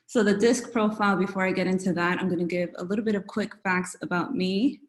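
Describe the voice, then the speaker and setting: A woman's voice: mid-range voice, steady tone, fast. A woman from New York, a realtor, giving a friendly conversational presentation, slightly out of breath. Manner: friendly, conversational, uses filler words. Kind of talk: webinar presentation.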